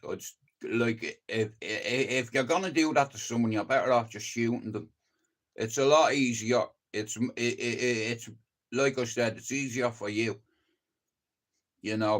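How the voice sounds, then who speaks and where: Profane Dublin man telling a story. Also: mid-range voice. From Ireland. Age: older. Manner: blunt, profane, agitated storytelling with stammered restarts. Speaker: livestreamer. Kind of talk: casual livestream monologue.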